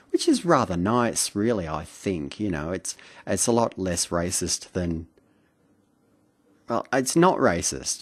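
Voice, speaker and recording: An Australian man, middle-aged, reminiscing late at night at home in a rambling, hesitant way with many fillers and soft chuckles. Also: sits low. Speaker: vlogger. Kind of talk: late-night reflective monologue.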